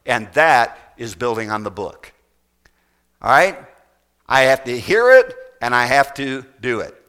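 A man preaching a sermon in a folksy, emphatic way, swinging between loud bursts and soft, low phrases. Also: very animated, a little slow, clean tone. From United States.

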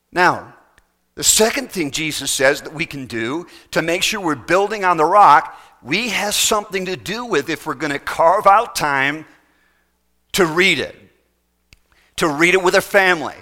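A man's voice: a little high, sharp tone. A middle-aged man preaching a sermon, pressing his point with repeated rhetorical questions. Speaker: pastor.

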